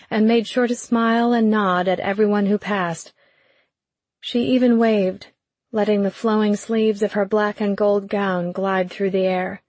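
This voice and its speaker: Sex: woman. Role: audiobook narrator reading fiction in a measured, even way. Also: medium pitch, no echo. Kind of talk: scripted narration.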